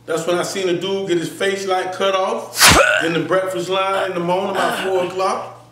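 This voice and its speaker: High-voiced man, echoey room. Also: normal speed, far from the mic, heavy background noise. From Florida, US. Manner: animated, acts out voices, frequent "you feel me". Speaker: interview guest. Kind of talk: casual storytelling interview. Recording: echoey room, somewhat off-mic.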